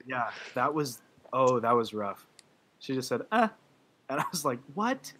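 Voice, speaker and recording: A young man with a bright, forceful voice talks casually on a movie podcast. He is earnest and gushing, full of ums and restarts as he recalls favourite scenes, at a mid pitch. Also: moderate pace. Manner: earnest, gushing, with frequent fillers. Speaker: podcast co-host. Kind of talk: casual movie review chat.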